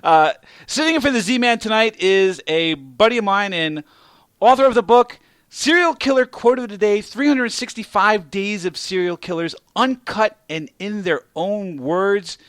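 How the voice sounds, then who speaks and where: A man hosting a casual podcast, joking and firing quick questions. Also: high voice, expressive, a bit bright, clear, resonant tone, dry recording, clean studio sound. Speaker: podcast host.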